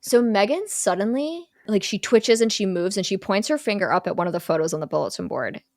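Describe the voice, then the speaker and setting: A woman's voice: mid-range voice, brisk, no echo, clean studio sound. A woman co-hosting a podcast, casually retelling a horror film's plot with lots of "like" fillers. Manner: animated storyteller, many "like" fillers. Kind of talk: casual chat, narrating a plot.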